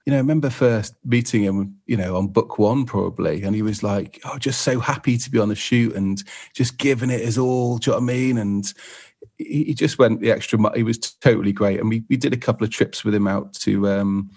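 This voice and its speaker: A man's voice: on the low side, fairly even intonation, quick pace, warm tone, breathy edge. A man, a photographer guest on a podcast, chatting in a rambling way with lots of fillers. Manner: rambling, lots of "you know". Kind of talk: casual podcast chat.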